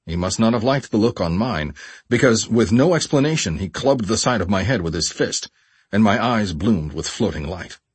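Male audiobook narrator, low and husky, lots of pitch movement, dry booth sound. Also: no room sound. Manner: measured, expressive storytelling. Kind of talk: first-person memoir audiobook narration.

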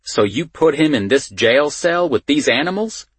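A man narrating an audiobook voices an older male official in a suit who fires sharp, demanding questions. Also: fairly high pitch, expressive, normal speed, breathy edge, dry recording, pitched above the performer's own voice. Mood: indignant.

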